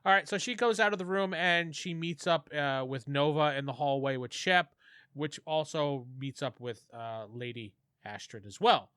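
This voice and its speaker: A man's voice: on the high side, normal speed, a bit bright, clear, resonant tone, no room sound, clean studio sound. A man narrating a tabletop game as game master, rambling and correcting himself as he goes.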